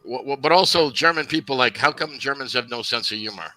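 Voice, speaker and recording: A man's voice: mid-range voice, fairly quick, over a noisy crowd, low-quality recording. A man from Ireland on an online panel, teasing the others with provocative questions in casual speech. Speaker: panel guest. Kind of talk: casual group chat.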